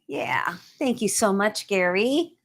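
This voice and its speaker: A woman's voice: mid-range voice, big pitch swings, slow. A woman co-hosting a live shopping stream, chatty and gushing as she shows off jewelry and china. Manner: chatty, gushing over items. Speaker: co-host selling items on a livestream. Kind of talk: casual live shopping chat.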